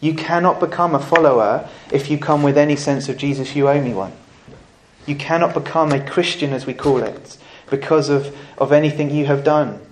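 A man's voice: on the high side, steady tone, brisk, few pauses, slight background noise. A man preaching a sermon to his congregation in an earnest manner, putting direct questions to his listeners. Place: church. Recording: echoey church hall.

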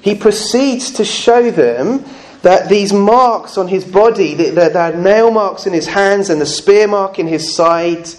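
During a church service, a man with a high-sitting voice preaches in an earnest, conversational way. He slows down on emphatic phrases and slips in a little humour.

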